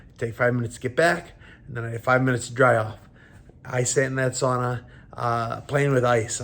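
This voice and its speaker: Fighter in his thirties, halting storyteller who acts out dialogue, mid pitch. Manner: halting retelling, acting out quoted dialogue. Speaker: professional fighter. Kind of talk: casual storytelling.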